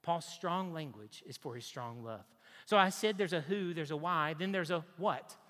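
A man's voice: fairly high pitch, normal speed, bright, forceful tone, in a large hall. A man preaching a sermon, emphatic, posing rhetorical questions to the congregation and repeating his key points.

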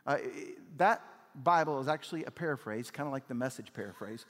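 A man preaching a sermon as pastor, conversational with fillers, swinging from loud emphatic peaks down to low, quiet lines. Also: lively intonation, a little fast. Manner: conversational, with "like" fillers and audience questions. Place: church auditorium. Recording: long hall reverb.

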